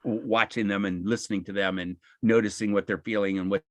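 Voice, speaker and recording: A man's voice: on the low side, flat delivery, fast, no room sound. A man giving an informal, encouraging webinar talk over a video call, often acting out what people say. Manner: conversational, encouraging, acts out quoted speech.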